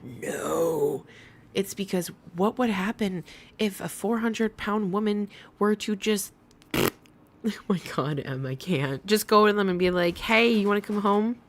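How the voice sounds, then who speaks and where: A woman's voice: mid-range voice, a little slow. A young adult woman hosting a casual commentary livestream, chatty and profane with laughing asides. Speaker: livestream host.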